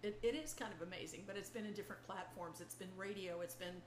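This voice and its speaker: An older woman, a veteran voice actor, chatting as a podcast guest in a relaxed, good-humored way. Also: mid-range voice, quick pace. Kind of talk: casual chat. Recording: echoey room with faint noise.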